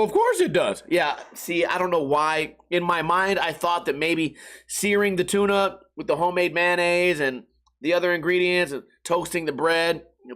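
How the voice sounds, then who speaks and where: Guy ranting on his own podcast, kinda high voice, swears a lot, rambles all over. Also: a bit bright. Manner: profane, rambling, jumps into mock voices. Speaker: podcast host. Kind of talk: casual solo rant.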